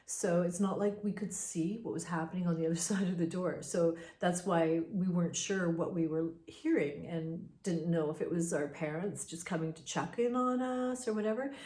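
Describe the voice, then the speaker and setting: A woman's voice: fairly low pitch, normal speed, few pauses, darkish tone. A woman casually telling a personal ghost story in a chatty, conversational way. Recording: roomy echo.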